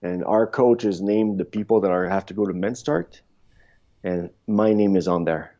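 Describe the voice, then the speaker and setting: A man in his fifties, a podcast guest, telling rambling, animated stories in a casual interview, with frequent restarts. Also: deep voice, normal speed. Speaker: podcast guest, former luge athlete. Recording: dull lo-fi sound.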